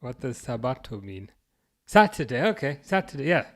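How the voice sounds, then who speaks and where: A man with a Birmingham accent from the UK hosts a football watchalong livestream, reading out viewer comments in a halting, casual way with many restarts. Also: medium pitch, big pitch swings. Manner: halting, restarts often, chuckles, reads comments aloud. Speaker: livestream host reading chat.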